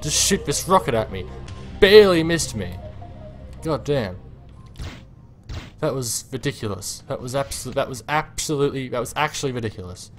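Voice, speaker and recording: A man's voice: medium pitch, normal speed, pauses often, soft background music. A man giving let's-play commentary on a game, talking to himself and his viewers, and yelping and swearing whenever something startles him. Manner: excitable, yelps and swears when startled. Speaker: gameplay commentator.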